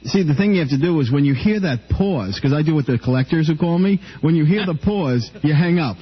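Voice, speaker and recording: A man's voice: on the high side, animated, fairly quick, breathy edge. A man on a radio show giving matter-of-fact advice in casual banter. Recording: dull lo-fi radio broadcast.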